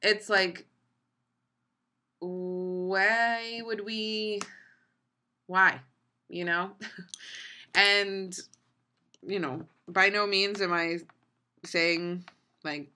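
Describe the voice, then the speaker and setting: Young woman, casual podcast rant, swears freely, low-pitched, sharp bright voice. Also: fairly even intonation, takes it slowly, pauses often, a little hiss or hum. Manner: blunt, profane, ranting. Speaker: podcast host. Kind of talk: casual monologue.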